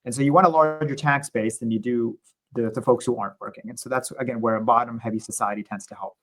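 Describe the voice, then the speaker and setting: A man speaking as an interview guest, explaining economics in a measured, conversational way with occasional restarts. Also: mid-range voice, fairly even intonation, rough recording.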